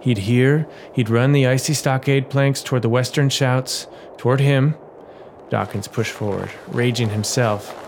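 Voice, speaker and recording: A man narrating an episodic audio adventure in a measured, dramatic reading voice. His pitch sits in the middle of the male range, and a steady hiss runs underneath. It sounds like a home-produced audio story. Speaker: storyteller and writer.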